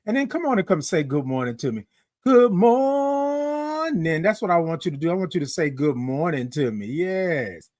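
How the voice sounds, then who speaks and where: Lively chatty man hosting a morning show. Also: on the high side, a little fast, no echo, clean studio sound. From Houston, Texas. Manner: lively, chatty, sings out greetings to viewers. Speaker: host. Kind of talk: live-streamed morning show chat.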